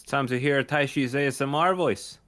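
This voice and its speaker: A man's voice: mid-range voice, normal speed, fairly bright tone, no echo. A man joking and teasing his friends during a casual play read-along. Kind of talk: casual chat.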